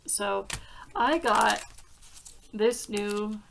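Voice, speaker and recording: A woman's voice: medium pitch, extremely slow, creaky, fairly bright tone, a little hiss or hum. A woman hosting a crafting vlog, chatting in a heartfelt way and laughing often. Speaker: card-making crafter. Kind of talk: casual crafting vlog chat.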